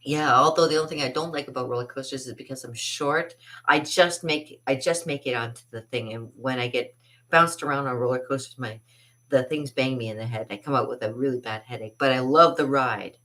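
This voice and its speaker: A woman's voice: a bass voice, a little fast, fairly bright tone. A woman hosting a casual vlog, telling a rambling story with lots of laughter and restarts. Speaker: vlog host and artist.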